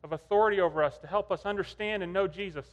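Brief: male preacher, conversational storyteller, higher pitch, long church reverb. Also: quick pace. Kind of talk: sermon.

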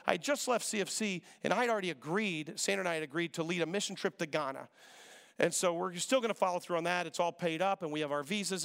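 High, gravelly preacher in a hall. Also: male voice, fairly bright tone. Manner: conversational, quick storytelling with acted-out dialogue. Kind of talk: sermon storytelling. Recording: reverberant hall.

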